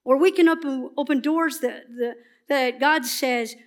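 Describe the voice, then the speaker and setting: A woman giving a passionate, emphatic sermon at church that often turns soft and earnest. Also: sits high, measured pace, hardly any pauses. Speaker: church speaker.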